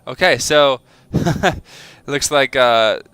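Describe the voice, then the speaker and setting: Bright, crisp-voiced chatty male caster. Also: mid-range voice, slow pace, dry recording, poor audio. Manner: chatty, rambling, self-deprecating, jokey. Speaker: game caster. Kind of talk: casual play-by-play game commentary.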